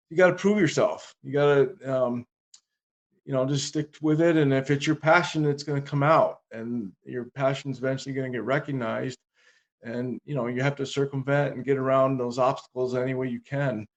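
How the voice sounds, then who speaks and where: A man co-hosting a podcast, talking in a steady, reflective, casual way. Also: mid-range voice. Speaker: podcast co-host. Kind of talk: casual conversation.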